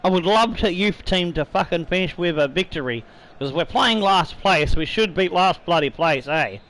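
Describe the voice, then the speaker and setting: A man's voice: sits high, expressive, normal speed, fairly bright tone, low-quality recording. A man hosting a football video game let's-play in a chatty, rambling way, a bit tipsy with slightly slurred words and casual swearing. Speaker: gaming YouTuber host.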